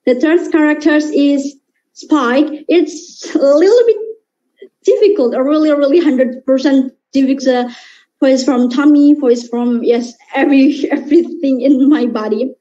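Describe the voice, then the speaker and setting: A shy, soft-spoken woman who dubs cartoons, talking haltingly and searching for words. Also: sits high, muffled recording. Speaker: voice dubber showing her characters.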